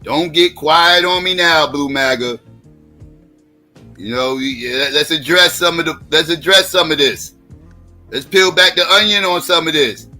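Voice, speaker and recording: A man hosting a live stream, talking bluntly and with plenty of profanity as he presses his audience for answers. His voice is bright and forceful, a little higher than most men's. Faint music plays underneath. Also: a little slow, long pauses. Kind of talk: casual livestream talk.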